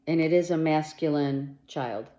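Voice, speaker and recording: A tarot reader gives a monthly reading straight to the listener in a deep, mellow voice, a little slow, with the highs cut off. She is blunt and emphatic, swears freely, and urges the listener on with urgent reassurance.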